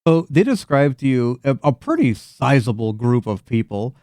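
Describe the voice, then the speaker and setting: A man with a warm, smooth voice narrates a tabletop game as its game master, sketching scenes loosely and restarting his sentences often. He sounds close to the mic in a dry room. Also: mid-range voice, very animated, normal speed, dry recording. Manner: loose, rambling description with frequent restarts and fillers.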